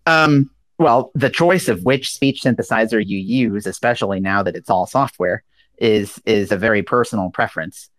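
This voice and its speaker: A man explaining software and speech synthesis history in a casual technical chat, with many ums and uhs. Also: on the low side, moderate pace, dry recording. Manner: hesitant, full of ums and uhs. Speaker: guest speaker.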